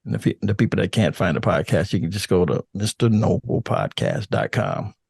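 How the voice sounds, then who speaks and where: An older man with a deep, calm radio voice, chatting casually as a podcast guest, relaxed and laughing, with halting restarts. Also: creaky, slightly rough, no echo. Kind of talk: casual interview chat.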